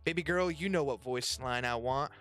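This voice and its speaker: Bright-voiced, casual male podcast host. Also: mid-range voice, normal speed, soft background music. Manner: loose and profane, reading chat messages aloud. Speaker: podcast host and restaurant server.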